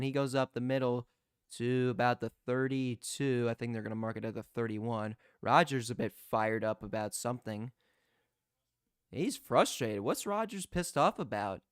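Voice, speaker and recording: A young man giving live play-by-play as a fan commentator, excitable and prone to restarting his sentences. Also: mid-range voice, clear, resonant tone, dry recording, studio quality. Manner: excitable, shouts in disbelief, repeats and restarts.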